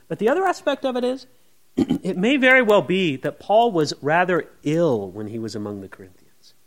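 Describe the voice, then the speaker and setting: A man preaching a conversational verse-by-verse sermon who keeps asking the congregation questions and acts out quoted voices. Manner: conversational, often asks the listeners questions; acts out quoted voices with big shifts in pitch and loudness. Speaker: pastor. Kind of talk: expository sermon.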